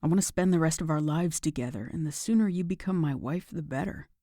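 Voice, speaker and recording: A woman voicing a tender, devoted young man in an audiobook romance, speaking low, soft and earnest. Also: fast talker, no room sound, clean studio sound.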